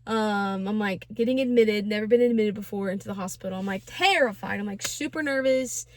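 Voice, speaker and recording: A woman's voice: mid-range voice, fairly quick, no room sound. A young woman in her twenties telling a personal story in a casual vlog, chatty and slangy with lots of fillers. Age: 20s. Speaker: vlogger.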